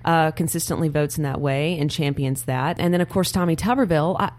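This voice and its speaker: Woman, low voice, podcast co-host, earnest political commentary, laughs between points. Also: fairly quick, a little mellow. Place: podcast studio.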